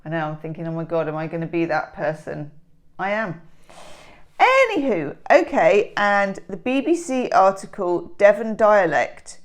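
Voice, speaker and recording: A middle-aged Englishwoman rambles through a daily tarot reading in her home kitchen, joking with herself, mocking herself, and dropping giggly asides. Her lowish voice is very animated and moves at a moderate pace.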